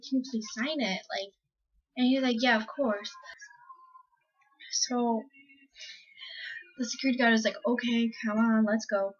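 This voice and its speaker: A teenage girl vlogging, telling a story casually with many fillers and acted-out quotes. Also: on the high side. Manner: chatty, lots of "like" and "um", acts out quotes. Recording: slightly dull lo-fi audio.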